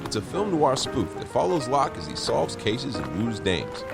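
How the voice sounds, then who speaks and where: A brash, cheerful city cop, played by a man delivers a scripted audio drama promo with a swaggering, sing-song delivery. His pitch swoops wildly up and down at an ordinary mid height. Clear music plays behind him. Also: big pitch swings, moderate pace. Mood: upbeat. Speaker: promo narrator in character.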